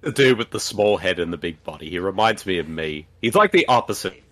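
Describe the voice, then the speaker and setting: A man's voice: sits low, animated, brisk, fairly bright tone. A man co-hosting a podcast, chatting casually about a movie, laughing often and sharing film trivia. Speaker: podcast co-host. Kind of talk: casual movie commentary chat.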